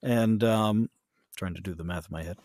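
A man's voice: low voice, normal speed, a little mellow, no room sound, clean studio sound. A man who narrates audiobooks, chatting casually in an interview, rambling with many fillers and restarts.

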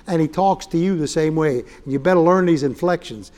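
Male guest preacher, high-pitched, storytelling sermon full of jokes and acted-out quotes. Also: a little fast, darkish tone. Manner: humorous, acts out quoted dialogue.

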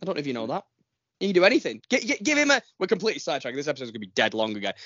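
An excitable man co-hosts a casual chat podcast, teasing and laughing often. His voice sits high and swoops around a lot. The recording is dry and a little muffled. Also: very fast, dry recording. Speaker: podcast co-host.

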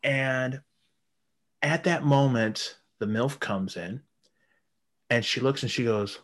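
A man's voice: medium pitch, slow, pauses often. A man in his thirties telling a rambling, crude story in casual chat, swearing often. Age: 30s. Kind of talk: casual anecdote.

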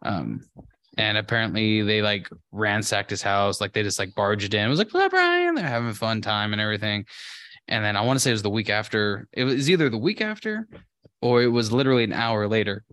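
A man's voice: fairly low pitch, fairly quick, fairly bright tone, no room sound, clean studio sound. A young man on a podcast, telling a rambling story full of filler words and swearing. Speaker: podcast co-host. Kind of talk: casual podcast chat.

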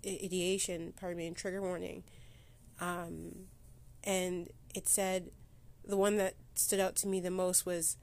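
A woman hosting a personal solo podcast, holding back tears and talking haltingly, with many restarts and pauses. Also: on the low side, a little mellow. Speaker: podcast host. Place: sitting against a board indoors.

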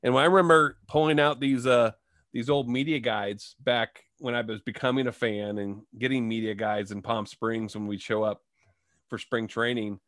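A man's voice: mid-range voice, fairly even intonation, moderate pace, fairly bright tone, no echo, clean studio sound. A man hosting a casual sports talk show, reciting player stats and asking his guest questions. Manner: reads stats, asks questions. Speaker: host.

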